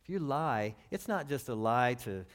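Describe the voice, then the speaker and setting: A man preaching a sermon in a lively, conversational way, asking his listeners questions and acting out what people say. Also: medium pitch, normal speed. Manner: lively, conversational, acts out quoted speech; asks the audience questions. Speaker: pastor.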